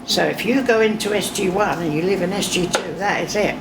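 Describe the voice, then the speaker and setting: An older Englishwoman from Hertfordshire with a Cockney-sounding accent, chatting as a guest and telling lively stories. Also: on the low side, fairly quick, noisy background. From England, Hertfordshire. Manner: lively storyteller, talks over others, chatty. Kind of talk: casual chat.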